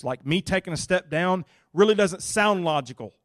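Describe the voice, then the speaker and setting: Guy pastor preaching, folksy and animated, high voice, dry close mic. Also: normal speed, dry recording. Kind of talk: sermon.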